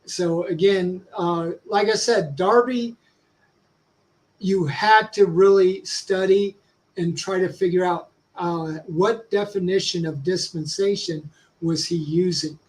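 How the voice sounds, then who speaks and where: High-voiced man, halting and searching. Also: steady tone, rough recording. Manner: halting, searching for words with many restarts. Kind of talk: casual livestream discussion.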